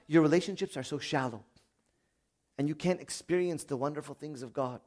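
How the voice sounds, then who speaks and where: A middle-aged male priest giving a sermon, telling personal stories earnestly, dropping to a quiet confessional tone and then rising to loud emphasis. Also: on the high side, fairly quick.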